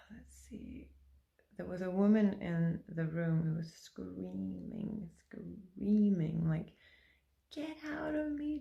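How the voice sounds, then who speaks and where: A woman with a low voice and a gravelly, creaky edge recounts a personal experience straight to camera. She rambles and hesitates, circling back with fillers and restarts as she tells it. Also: a little mellow. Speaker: vlogger.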